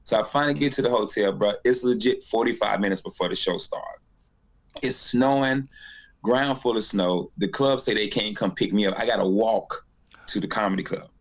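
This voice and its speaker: Gravelly-voiced man telling a lively story. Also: fairly low pitch, moderate pace. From North Carolina. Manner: animated storyteller, acts out voices. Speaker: guest comedian. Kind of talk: storytelling in casual interview.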